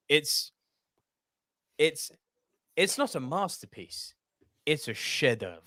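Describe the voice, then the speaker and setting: A British man with a posh English accent, co-hosting a podcast in casual chat, theatrical and quick to mock himself. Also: on the high side, very animated, bright, forceful tone, no echo, clean studio sound. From Britain. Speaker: podcast co-host.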